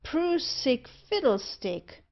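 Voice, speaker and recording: A woman's voice: high voice, sing-song, slow, voice pushed up, full character voice. Woman doing jolly rogue Ginger. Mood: jovial. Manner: breezy dialect speech. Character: jolly greedy male dog-thief rogue. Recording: muffled lo-fi audiobook recording.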